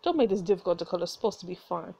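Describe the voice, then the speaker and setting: Casting: woman reading a smug, threatening male movie mogul, sliding pitch, game voice. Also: animated, racing, vocal fry, mellow, slightly rough, full character voice. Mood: coaxing. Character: menacing powerful middle-aged Hollywood mogul, man.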